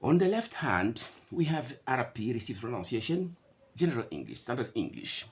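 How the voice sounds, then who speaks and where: A man's voice: mid-range voice, very animated, noisy background. A man whose first language is Bantu, giving a classroom lecture on English pronunciation and drilling words by contrasting them. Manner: drawn-out contrasting word repetitions.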